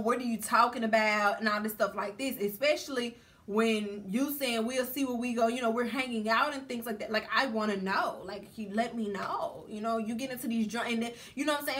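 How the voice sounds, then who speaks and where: A woman's voice: on the high side, brisk, fairly bright tone. A woman vlogger telling a storytime in casual, slangy chat and talking straight to her viewers. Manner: chatty and slangy, addresses viewers directly.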